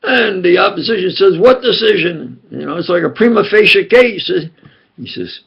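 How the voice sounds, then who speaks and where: An older man from New York with a New York accent, telling rambling stories in a gravelly, husky voice that swings between loud and soft. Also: high voice, animated, moderate pace, lo-fi sound. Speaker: self-styled preacher and physicist. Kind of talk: rambling monologue.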